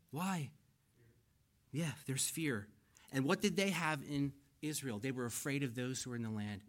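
Emphatic man preaching a sermon. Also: on the high side. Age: 40s. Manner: emphatic, swings from loud exhortation to hushed asides. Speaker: pastor. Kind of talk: expository sermon.

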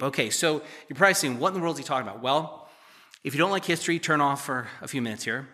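A man's voice: medium pitch, expressive, quick pace, sharp tone. A man preaching a conversational sermon, often checking in with the congregation. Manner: conversational teaching, frequent "okay?" check-ins. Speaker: pastor.

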